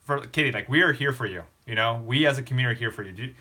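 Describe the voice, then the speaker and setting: An earnest young man hosting a casual live stream speaks with open emotion while reassuring a viewer who is struggling. His voice is husky, bright, and forceful at an ordinary pitch, and he talks very fast.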